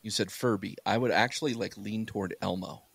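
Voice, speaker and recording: A man's voice: fairly low pitch, brisk, creaky, fairly bright tone, breathy edge, no room sound. A man hosting a podcast, telling rambling stories in a loose, casual way. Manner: rambling storyteller, lots of fillers and restarts. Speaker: podcast host.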